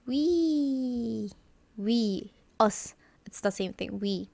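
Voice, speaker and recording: Teaching English pronunciation slowly and repetitively, a Korean-native woman draws out every example sound, says it repeatedly, and fills the gaps with fillers. Her voice is on the high side, close and dry, without room sound.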